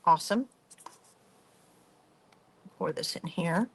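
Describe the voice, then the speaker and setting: An enthusiastic woman, possibly in her fifties or older, hosting a live demonstration of soap-making crafts and chatting warmly to her viewers. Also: lowish voice, lively intonation, takes it slowly, breathy edge. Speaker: workshop host.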